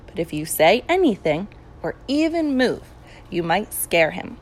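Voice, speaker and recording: Storybook dad, read by a woman: frazzled principal, pleading, lively pitch. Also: unhurried, a little hiss or hum. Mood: hushed. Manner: pleading, then firm and hushed. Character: harried middle-aged male school principal, dad. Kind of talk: audiobook character voice.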